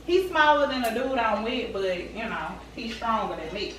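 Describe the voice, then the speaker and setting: A woman vlogger telling a story straight to her viewers in a chatty, animated way. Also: on the high side, normal speed, distant mic, slight background noise. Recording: echoey room, away from the mic.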